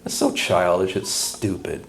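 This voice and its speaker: A pastor preaching a sermon in a blunt, folksy, impassioned way. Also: male voice, sits low, wildly swooping pitch, a little slow, vocal fry, fairly bright tone.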